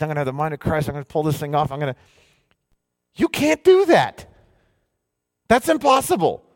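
A man's voice: medium pitch, in a large hall. A man preaching a sermon as pastor, emphatic, repeating his phrases and often starting with "hey".

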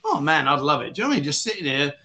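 A man's voice: fairly high pitch, big pitch swings, rapid-fire, pushed and bright. A British man hosting a casual livestream, out of breath, chatty and jokey, rambling with self-corrections. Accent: British English. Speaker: livestream host.

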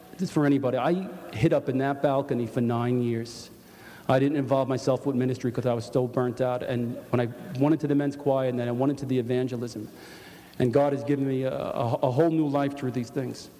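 Older man, new york accent, earnest testimony, mellow dark voice, long church reverb. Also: medium pitch, steady tone, brisk. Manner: earnest storytelling with repeated restarts. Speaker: church member giving testimony. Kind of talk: spoken testimony to a congregation.

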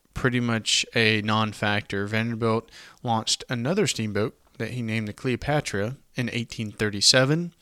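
Bright, clear-voiced Southern man. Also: mid-range voice, no echo, studio quality. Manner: conversational, explains with asides. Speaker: podcast host. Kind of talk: casual history podcast narration.

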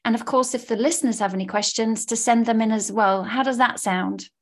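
Woman, podcast host, fairly high voice, bubbly gushing delivery. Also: fairly quick. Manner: upbeat, gushing, warm encouraging patter. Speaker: podcast host, law of attraction coach. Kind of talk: casual podcast chat. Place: studio.

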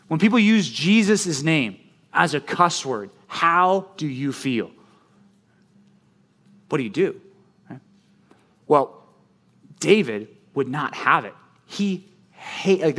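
A man preaching a sermon as pastor, animated and conversational, often checking in with "right?". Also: fairly high pitch.

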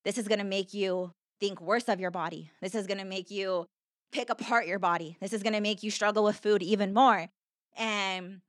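A woman's voice: medium pitch, a bit bright, no echo, clean studio sound. A woman telling her personal story as a podcast guest, earnest and heartfelt, with lots of "like" fillers. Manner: earnest, heartfelt, heavy use of "like".

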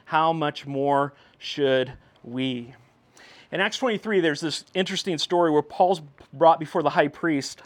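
A male pastor preaching in a slightly higher-than-usual voice. He keeps it conversational and animated, dropping to a hush and then rising again. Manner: animated, conversational preaching with swings from hushed to loud. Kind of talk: sermon.

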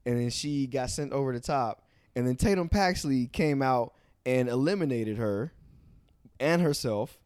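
A man co-hosting a casual wrestling podcast, jokey and animated, often stammering and restarting his sentences. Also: medium pitch, a little slow, clean tone, dry recording, studio quality. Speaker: podcast co-host.

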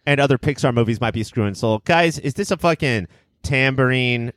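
A man's voice: medium pitch, a little fast, a bit bright, dry recording, studio quality. A man hosting a casual movie podcast, boisterous and theatrical, swearing freely as he riffs. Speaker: podcast host.

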